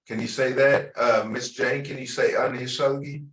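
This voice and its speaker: A man's voice: medium pitch, fairly even intonation, moderate pace, fairly bright tone. Man, language teacher, patient, repeats words for students, echoey room, far from the mic. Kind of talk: online language class instruction. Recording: echoey, distant mic with noise.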